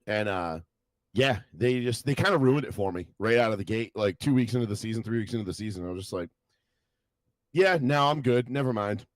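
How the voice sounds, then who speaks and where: A young man co-hosting a podcast, rambling through stories in casual chat, swearing a lot and acting out what people said in lively voices. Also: fairly low pitch, fast, dry recording. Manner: rambling storytelling, heavy swearing, animated quoted voices. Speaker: podcast co-host.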